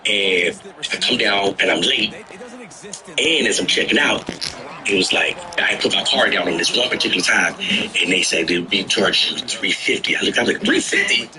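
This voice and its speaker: A man telling tour stories in a casual chat, animated and slangy, swearing freely and breaking into loud outbursts. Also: sits low, moderate pace, low-quality recording. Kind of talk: casual storytelling.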